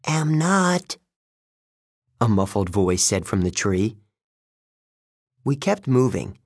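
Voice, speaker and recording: A man narrating a first-person story in a measured, steady way, recorded close to the mic. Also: on the low side, husky, dry recording. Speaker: audiobook narrator.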